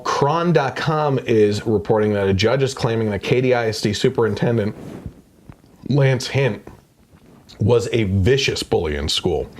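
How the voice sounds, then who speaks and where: Low-voiced man on a podcast, indignant. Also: a little mellow. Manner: indignant, reads news excerpts aloud. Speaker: podcast host. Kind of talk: casual podcast commentary.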